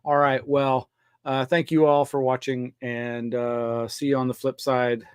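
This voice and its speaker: Man, live-show host, casual rambling delivery, lots of fillers, mid pitch, dry close sound. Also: level tone, a little slow, smooth, no echo. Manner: rambling, chatty, hesitant with fillers. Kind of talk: casual live news roundup.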